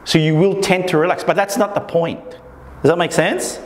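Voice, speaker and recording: A man with a slightly high, fairly even voice gives an informal workshop talk to a small meetup group at a moderate pace. He keeps checking in with listeners and acts out inner thoughts, recorded in an echoey room with long reverb.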